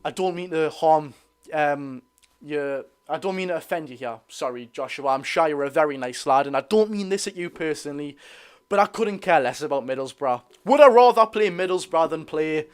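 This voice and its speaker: A young Geordie man chatting on a football livestream, his voice sitting a little high for a man. He talks loosely and easily, reads out viewer comments, and keeps calling his audience lads and lasses. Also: animated, moderate pace, clean tone. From North East England. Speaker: football fan livestream host. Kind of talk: casual live watch-along chat.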